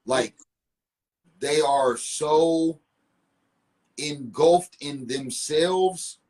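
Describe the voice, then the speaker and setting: A man with a somewhat raspy voice and a pitch a little above most men, talking hip-hop as a podcast guest. He talks with emphatic energy, circling back over his words as he builds a point. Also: extremely slow. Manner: animated, emphatic, repeats himself. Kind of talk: casual hip-hop talk.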